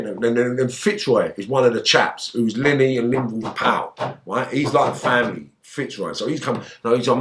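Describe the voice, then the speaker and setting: A man, telling his story as an interview guest. He talks in a lively way, swears freely and acts out what people said. His voice sits at a middling pitch. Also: normal speed. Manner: animated, swearing, acts out shouted quotes.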